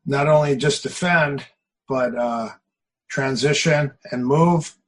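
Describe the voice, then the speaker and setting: Middle-aged male coach, husky voice, lively storyteller who repeats himself for emphasis. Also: mid-range voice, slow, low-quality recording. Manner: animated, repeats phrases for emphasis, tells anecdotes. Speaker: martial arts coach. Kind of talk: casual interview talk.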